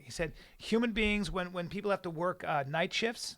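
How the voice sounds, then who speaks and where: A man's voice: high voice, normal speed, fairly bright tone, no echo. A man co-hosting a podcast in a studio, telling stories animatedly and swearing freely. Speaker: podcast co-host. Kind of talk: casual chat.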